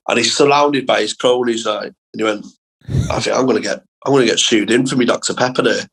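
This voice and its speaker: Young English man, comedian guest, sweary, animated storytelling, laughing often. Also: mid-range voice, fast, breathy edge, rough recording. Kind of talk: casual storytelling chat.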